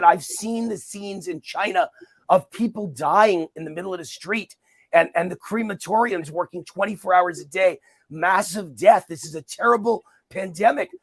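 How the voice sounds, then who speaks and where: A middle-aged man with a high, gravelly, husky-edged voice argues his case as a guest and commentator in a heated political interview. He is forceful, emphatic, and combative, repeating his points to drive them home.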